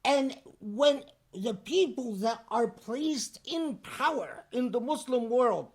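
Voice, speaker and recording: A man preaching a Friday sermon in a deliberate, emphatic and pointed way. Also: high-pitched.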